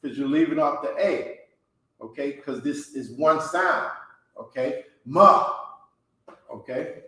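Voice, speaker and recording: A man teaching a language class, pronouncing words slowly and checking in with "okay?" after nearly every phrase. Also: fairly high pitch. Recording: very echoey room.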